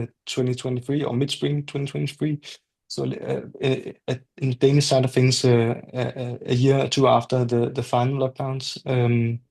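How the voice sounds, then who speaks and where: A man who facilitates a youth advisory board, answering at an online workshop in a halting way with many fillers. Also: medium pitch, vocal fry, a little mellow.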